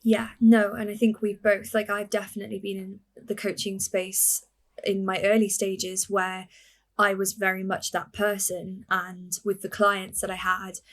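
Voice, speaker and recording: A woman's voice: mid-range voice, level tone, a little slow. A young woman from England, a fitness coach, chatting as a podcast guest in an upbeat way and laughing easily. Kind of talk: casual interview chat.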